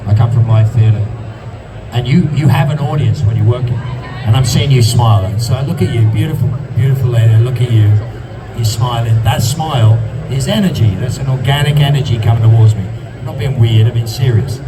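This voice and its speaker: A man's voice: medium pitch, fairly quick, far from the mic, a loud crowd, heavy background noise. A man giving an impassioned guest talk on a convention stage, stacking up emphatic repeated phrases. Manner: passionate, emphatic repetitions.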